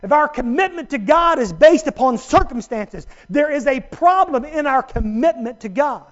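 A man's voice: extremely high pitch, lively intonation, normal speed, lo-fi sound. A man preaching a sermon as pastor, emphatic and earnest with humorous asides to his congregation.

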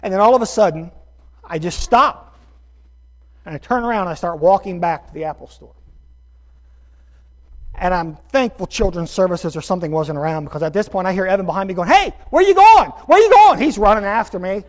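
Middle-aged man preaching, high voice, animated storytelling, dull lo-fi sound. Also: a little fast, long pauses. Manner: animated, self-deprecating storytelling with rising bursts. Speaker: pastor. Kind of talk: storytelling sermon. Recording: dull lo-fi sermon recording.

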